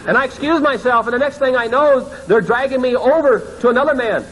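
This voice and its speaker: High-voiced preacher telling a dramatic story. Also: male voice, a little fast, low-quality recording. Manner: dramatic, drops to hushed, ashamed tones. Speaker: pastor.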